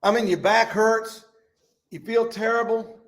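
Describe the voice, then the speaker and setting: A pastor teaching a Bible study. His voice sits fairly high for a man, and he swings from near-shouted bursts to low, quiet asides as he reads verses and turns to the congregation. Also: measured pace. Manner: animated, rises to shouts and drops low.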